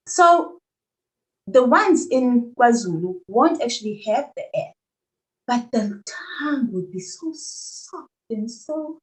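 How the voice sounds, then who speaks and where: A woman's voice: a little high, lively intonation, slow, poor audio. A young adult South African woman talking animatedly as a podcast guest, laughing often and restarting her sentences. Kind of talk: conversational interview.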